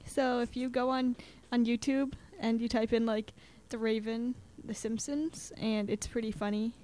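Chatty student guest, woman, slightly high, rambling and animated with fillers. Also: moderate pace. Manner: chatty, lots of fillers, acts out quotes. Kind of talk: casual chat about poetry.

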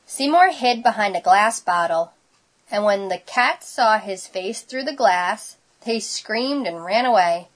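A woman reading a children's story aloud with gentle, measured narration. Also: medium pitch, animated. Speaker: storybook reader.

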